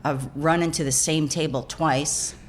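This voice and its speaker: A woman's voice: low-pitched, steady tone, measured pace, a little hiss or hum. A woman actor, a guest in a casual interview, telling rambling stories with frequent restarts and laughs. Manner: rambling, self-correcting, laughing storyteller.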